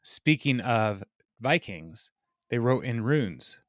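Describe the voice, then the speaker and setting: A man's voice: mid-range voice, big pitch swings, takes it slowly, no room sound, studio quality. A man co-hosting a casual book podcast, rambling and joking, often trailing off mid-thought. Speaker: podcast co-host.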